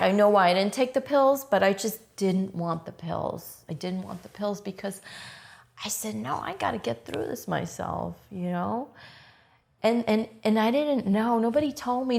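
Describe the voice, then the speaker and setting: A woman's voice: medium pitch, gravelly. Blunt, raw-voiced woman telling her story. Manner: raw, blunt, swears often, emotionally intense. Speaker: interviewee. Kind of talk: emotional personal storytelling interview.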